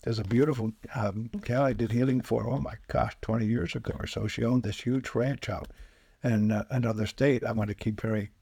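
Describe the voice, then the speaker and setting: A man, a spiritual healer, speaking as a podcast guest and telling lively anecdotes, acting out the quoted voices. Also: mid-range voice, fairly quick, creaky, slightly rough, dry recording. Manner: animated anecdotes, acts out quoted voices, chuckles often. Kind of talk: casual storytelling interview.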